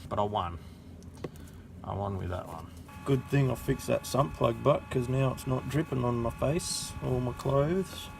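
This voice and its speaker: A man's voice: medium pitch, measured pace, gravelly, music in the background. An Australian man who is sick with a sore throat chats casually while working under a car, full of dry, joking sarcasm. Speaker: home mechanic vlogger.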